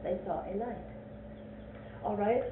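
A woman's voice: mid-range voice, takes it slowly, far from the mic. Older woman teaching a church class. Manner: folksy, questioning, often repeats points for emphasis. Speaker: Sunday school teacher. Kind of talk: leading a Bible class discussion. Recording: echoey, tinny lo-fi recording with faint hiss.

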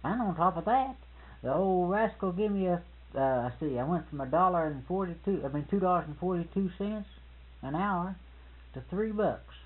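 Man, husky voice, folksy storyteller, colloquial talk, tinny lo-fi recording. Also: sits high, normal speed. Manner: folksy, colloquial, acts out both sides of a quarrel. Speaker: groundskeeper telling a work story. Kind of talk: casual storytelling among friends. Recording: tinny lo-fi phone-band recording.

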